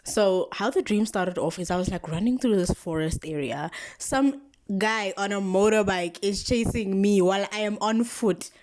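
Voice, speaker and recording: A woman's voice: medium pitch, normal speed, a little mellow. A young woman with a South African accent telling a dream story in a casual, slangy vlog style, full of fillers. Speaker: vlogger.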